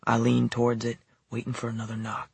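A man with a deeply gravelly, husky voice reads a first-person audiobook story in a quiet, even, low-key way. His pitch stays flat and level, and the dry, close studio recording leaves no room sound. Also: fairly quick, dry recording. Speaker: audiobook narrator.

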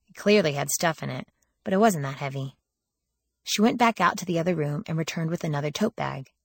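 A woman's voice: low-pitched, breathy edge, no echo. A woman reading a first-person audiobook in a wry, sardonic storytelling manner, lifting her voice for quoted lines. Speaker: audiobook narrator.

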